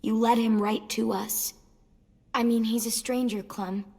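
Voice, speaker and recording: A woman's voice: fairly high pitch, fairly even intonation, measured pace, gravelly, mellow. Guarded teen survivor girl, blunt and worried; game dialogue with long reverb.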